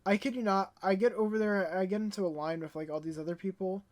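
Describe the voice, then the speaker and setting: A young woman talks straight to her audience in a casual vlog, telling her story in an animated way. She stumbles over her words when she gets worked up. Her voice sits at an ordinary middle pitch. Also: fast talker. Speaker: vlogger.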